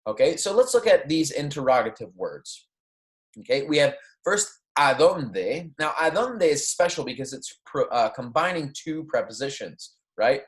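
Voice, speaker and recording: A man's voice: mid-range voice, expressive, moderate pace. A man teaching a Spanish lesson as a recorded lecture, explaining with frequent fillers and checks like "right?", and modeling phrases with a strongly rising question tone.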